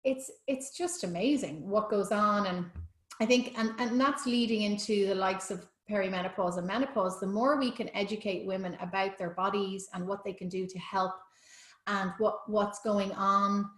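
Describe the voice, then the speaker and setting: A woman's voice: medium pitch, moderate pace. A woman, a yoga teacher chatting enthusiastically in an interview, often restarting her sentences. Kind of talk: casual interview chat. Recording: roomy echo.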